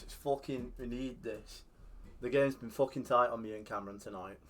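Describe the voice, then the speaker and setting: A man in casual gaming commentary, cursing freely as he talks through his football management game. His voice jumps into loud outbursts at the match events. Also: medium pitch, normal speed, background noise. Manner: sweary, excitable, shouts at the game.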